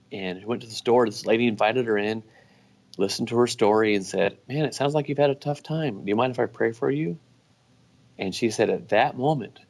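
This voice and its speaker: Man, low voice, gravelly, relaxed anecdotal storytelling, casual interview guest. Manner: relaxed, anecdotal, many restarts. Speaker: guest, business owner.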